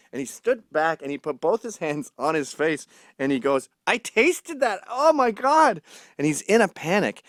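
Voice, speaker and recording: A man's voice: mid-range voice, no echo, studio quality. A man hosting a comedy podcast, telling crude stories animatedly and acting out other people's voices. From Scotland. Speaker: podcast host. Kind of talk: comedic storytelling.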